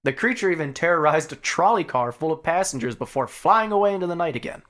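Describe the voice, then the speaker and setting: A podcast host reading out research in casual comedic chat, laughing often and swearing casually. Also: male voice, a little high, lively intonation, fast, fairly bright tone.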